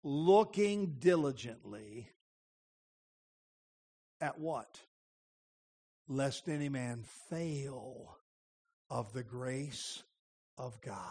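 Middle-aged guy preaching, slightly high voice, takes his time, leans hard on repeated lines. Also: breathy edge. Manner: deliberate, emphatic preaching with repeated phrases. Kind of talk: sermon.

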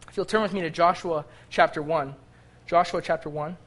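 Fervent man preaching, slightly high voice. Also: steady tone, brisk, fairly bright tone. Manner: fervent preaching, voice rising on cries to God. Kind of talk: sermon.

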